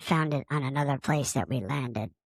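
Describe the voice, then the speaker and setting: A man improvises a casual monologue as a friendly, immature male space alien who has taken over a podcaster's body, rambling chattily and swearing freely. His voice is natural and mid-range at normal speed, with no room sound.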